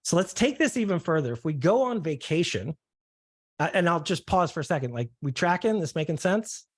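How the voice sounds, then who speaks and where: Male guest speaker, casual talk, slightly raised pitch, frequent check-ins, acts out quotes. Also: big pitch swings, a little fast, dry recording. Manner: casual, uses "right?" and "like" often, acts out quoted voices. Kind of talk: conversational talk.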